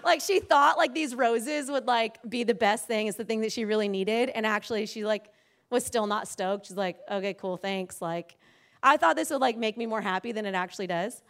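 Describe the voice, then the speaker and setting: A woman's voice: a little high, fairly quick, fairly bright tone. A woman telling a faith-based story in a casual, rambling way, full of fillers and self-corrections, acting out the quoted voices.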